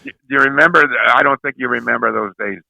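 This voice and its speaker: Older man, gravelly rambling storyteller. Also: mid-range voice, fast talker, pushed and bright, dry recording, poor audio. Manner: rambling, repeats words, chuckling raconteur. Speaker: guest.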